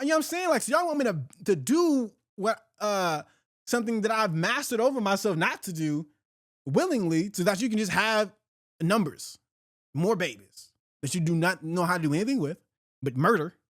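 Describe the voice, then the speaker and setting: A man's voice: sits high, animated, normal speed, no echo, studio quality. A middle-aged man hosting a podcast, ranting in a heated, profane, rambling way with slang and restarts. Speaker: podcast host. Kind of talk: unfiltered solo talk.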